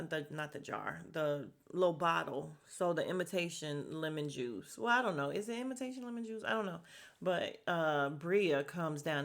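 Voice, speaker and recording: A young woman hosting a podcast, recapping a reality show in blunt, gossipy casual chat and swearing freely. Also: on the low side. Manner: blunt, gossipy, swears freely, quotes cast members in animated voices.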